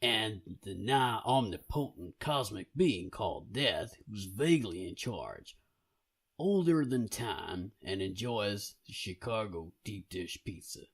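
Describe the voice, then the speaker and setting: A man's voice: fairly low pitch, animated, slow pace, slightly rough. A playful British man co-hosting a casual podcast and reading listener mail aloud. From Britain. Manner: playful, jokey, laughs easily. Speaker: podcast co-host.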